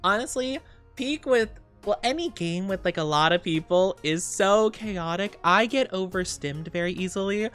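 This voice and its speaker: Chatting casually on her livestream, she bubbles over with greetings and repeated well-wishes for her viewers, full of cute slang. Her mid-pitched voice has lively intonation, a moderate pace and a clean tone, while soft music plays faintly behind.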